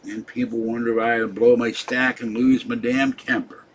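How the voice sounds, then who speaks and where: An older man talks to his live stream in a husky voice with an ordinary mid-range pitch. He rambles from one complaint to the next and scolds his chat viewers with plain irritation. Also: little pitch movement, moderate pace. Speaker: livestream host.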